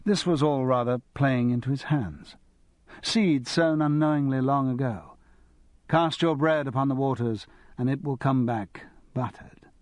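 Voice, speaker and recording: A man narrating an audiobook in an expressive storytelling manner. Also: mid-range voice, unhurried, no room sound. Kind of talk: scripted narration.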